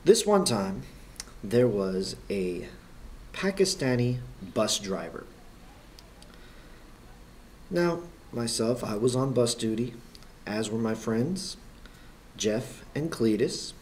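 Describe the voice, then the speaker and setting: A man's voice: mid-range voice, animated, takes it slowly, pauses often, a little mellow, a little hiss or hum. A man, a schoolteacher, telling a story in a wry manner with dry asides. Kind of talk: anecdotal storytelling.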